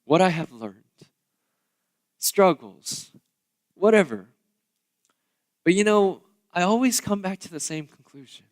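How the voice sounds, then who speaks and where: A man's voice: sits high, measured pace, pauses often. A man in his thirties, a pastor giving a sermon in a church, talking casually with lots of fillers and asides. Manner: casual, conversational preaching with many fillers; animated, swinging between loud asides and quiet remarks. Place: church sanctuary.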